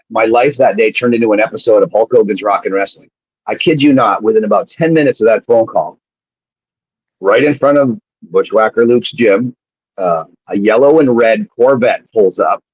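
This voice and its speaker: A man's voice: fairly low pitch, normal speed, breathy edge, no echo. A man, a former wrestler, telling rambling, profane stories as a guest in casual chat, heard through dull lo-fi remote audio. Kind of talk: casual storytelling.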